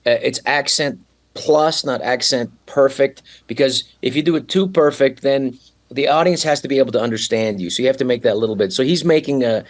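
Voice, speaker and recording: A man with an average-pitched voice speaks as a guest on a podcast. He explains his ideas earnestly and at length, in the steady voice of someone teaching a point. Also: brisk. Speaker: guest actor. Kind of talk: casual chat.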